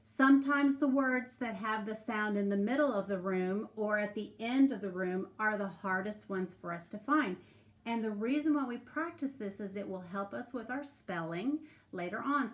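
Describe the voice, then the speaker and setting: A woman's voice: medium pitch, moderate pace. A woman teacher leading a remote phonics lesson for young children, patiently prompting and stretching out sounds.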